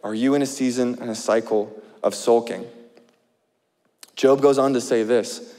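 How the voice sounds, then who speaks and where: In a big-room setting, a man with a mid-range, steady voice preaches a passionate sermon at normal speed. He alternates urgent, loud sections with quieter, hushed moments.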